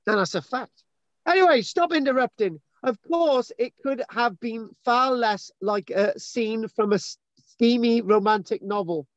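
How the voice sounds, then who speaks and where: Male host, high voice, dry dull lo-fi sound, teasing rambling reader. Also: a little slow, no room sound. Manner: teasing, rambling, self-mocking. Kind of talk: jokey live chat and reading aloud.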